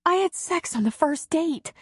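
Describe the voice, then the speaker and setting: A woman narrator voicing an emotional, insecure woman who speaks higher and quicker in a shaky voice. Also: lively intonation, no room sound, clean studio sound.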